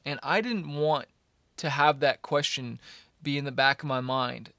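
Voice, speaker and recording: A young man, a musician, telling his own story to camera in a casual, energetic way, with lots of "man" and "you know". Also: medium pitch, a little slow, no echo. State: coughing a little. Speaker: musician vlogger.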